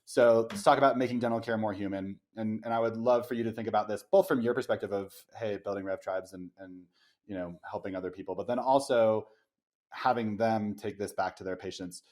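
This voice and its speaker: A man's voice: lowish voice, fairly even intonation, fairly quick, darkish tone. A man hosting a podcast interview, asking reflective, encouraging questions with frequent fillers. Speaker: podcast host. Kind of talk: casual conversational interview.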